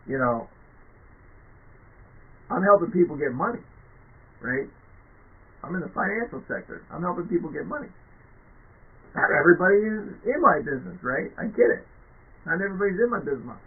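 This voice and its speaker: A man's voice: high voice, very animated, moderate pace, pauses often, husky. A man hosting a podcast, giving a casual motivational talk in a chatty way, often tagging on "right?". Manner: chatty, keeps asking "right?", acts out quoted voices. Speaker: podcast host. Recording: tinny phone-like sound.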